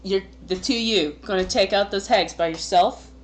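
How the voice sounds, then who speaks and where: A woman's voice: mid-range voice, close to an everyday voice. A woman voicing an exasperated young man who swears bluntly, in a tabletop game. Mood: weary. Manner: blunt, weary, quick to curse.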